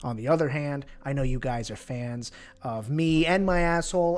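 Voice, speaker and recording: A man's voice: medium pitch, moderate pace. A man hosting a livestream, joking crudely in casual chat with lots of restarts. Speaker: livestream host.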